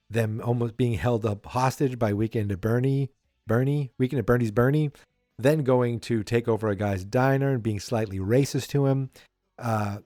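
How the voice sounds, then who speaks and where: A man's voice: mid-range voice, darkish tone, no room sound, studio quality. A man hosting a podcast, casually recapping a sitcom episode in a rambling, chatty way with wry asides. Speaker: podcast host.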